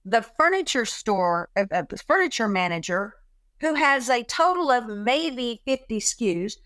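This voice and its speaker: Animated woman telling a workplace story. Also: fairly high pitch, moderate pace, no room sound. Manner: animated, acts out quoted dialogue. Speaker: guest. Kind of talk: casual storytelling chat.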